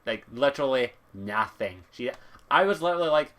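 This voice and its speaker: A Scottish man chats casually as a podcast guest. He is blunt and swears freely. His voice sits at an ordinary middle pitch for a man. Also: expressive, fairly quick, fairly bright tone. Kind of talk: casual chat.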